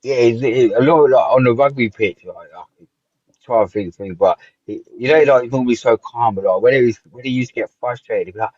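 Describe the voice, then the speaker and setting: A man as a guest, telling stories in a lively casual way and acting out what others said. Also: medium pitch, quick pace, no echo, muffled recording. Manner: animated storytelling, acts out quotes, frequent "like". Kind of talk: casual reminiscing chat.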